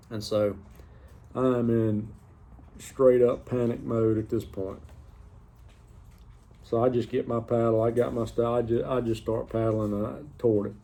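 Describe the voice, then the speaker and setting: A man's voice: mid-range voice, measured pace, gravelly, pauses often. A middle-aged man, casually telling a story to the camera in a drawling, folksy way. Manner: drawling, folksy, animated retelling.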